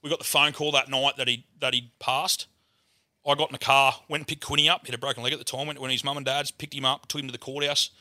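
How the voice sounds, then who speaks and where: Bright-voiced Australian bloke spinning yarns. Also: male voice, medium pitch, little pitch movement, quick pace, no echo, studio quality. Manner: swears freely, rambling yarn-telling. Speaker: podcast guest, comedian. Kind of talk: casual storytelling chat.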